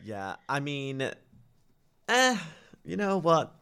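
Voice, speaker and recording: A man's voice: a little high, huge pitch swings, slow, creaky, fairly bright tone, smooth. A man hosting a podcast in loose, joking casual chat. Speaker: podcast host.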